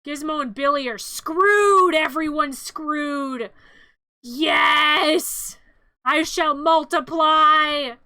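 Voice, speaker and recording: A woman voicing a mischievous, menacing male gremlin in a comic film retelling, speaking slowly and boastfully, sometimes shouting. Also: sits high, heavily acted. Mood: menacing glee. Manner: slow, drawn-out villain boasting, shouting.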